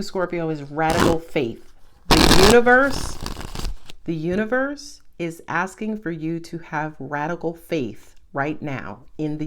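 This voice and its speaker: A woman giving a casual tarot reading to her viewers, talking bluntly and chattily and laughing often. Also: lowish voice. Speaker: tarot reader.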